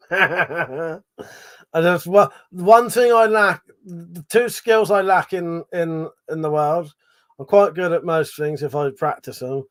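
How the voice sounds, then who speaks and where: A man's voice: a little high, slow. Swearing man on a livestream. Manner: rambling, swears freely, reads chat aloud. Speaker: livestream host. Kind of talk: casual live chat.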